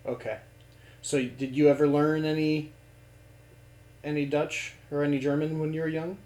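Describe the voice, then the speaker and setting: Family interviewer, mellow tone, easygoing questions, echoey room. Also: medium pitch, level tone, moderate pace. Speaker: interviewer, a grandchild. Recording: roomy echo.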